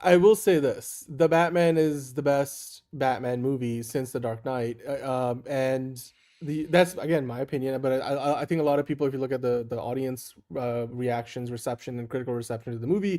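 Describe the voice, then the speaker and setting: Man, mid-pitched voice, laughs a lot, easygoing, opinionated co-host chat. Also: brisk, few pauses, warm tone. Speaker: podcast co-host. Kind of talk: casual chat.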